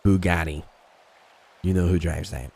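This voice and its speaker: A man's voice: sits low, steady tone, measured pace, vocal fry, darkish tone, breathy edge. A man talking in character during a roleplay game, rambling and swearing, padding his lines with "you know what I mean.". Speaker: roleplay gamer.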